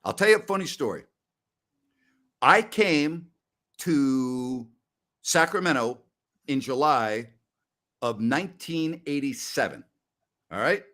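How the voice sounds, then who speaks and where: A man in his sixties hosting a casual post-game show, telling rambling stories loudly with salty language. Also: mid-range voice, expressive, slow pace, long pauses. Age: 60s. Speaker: host.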